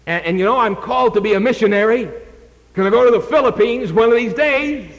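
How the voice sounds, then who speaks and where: Preacher doing high eager stammery young guy making excuses, hall echo. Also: a little fast, dull audio. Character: eager young man, a stammering insurance salesman always stalling.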